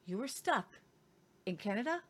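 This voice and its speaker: A woman's voice: on the high side, sing-song, normal speed, breathy edge. A woman hosting a news show, delivering opinionated commentary with emphatic, sarcastic asides.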